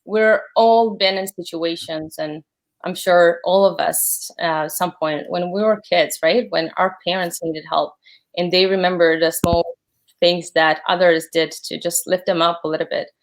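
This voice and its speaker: Woman, 30s, interview guest, earnest, grateful, lowish voice, many fillers. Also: fairly even intonation, unhurried. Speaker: guest, platform founder. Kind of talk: conversational interview.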